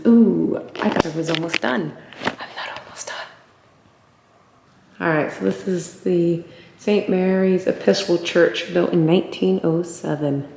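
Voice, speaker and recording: A woman talking casually to camera as a travel vlogger, chatty and easily excited, thinking out loud as she goes. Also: lowish voice, gravelly, background noise. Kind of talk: casual vlog chat to camera.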